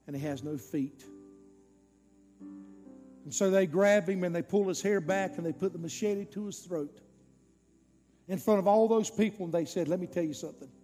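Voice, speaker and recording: A high-voiced male preacher tells a story in a sermon, swinging between loud peaks and hushed drops. His voice carries a long church-hall reverb. Faint music plays underneath. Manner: dramatic, swinging loud and soft.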